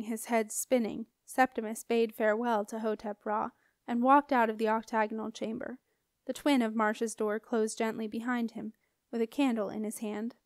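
A woman reading a children's fantasy novel aloud in a calm, even way. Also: on the high side, dry recording, clean studio sound. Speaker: audiobook reader. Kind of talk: scripted audiobook narration.

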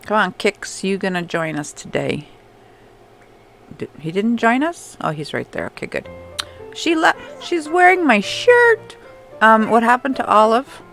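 A woman's voice: medium pitch, very animated, moderate pace, fairly bright tone. A young adult woman casually commenting on her gameplay, chatting to game characters and laughing often. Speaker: gameplay streamer. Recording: faint background music.

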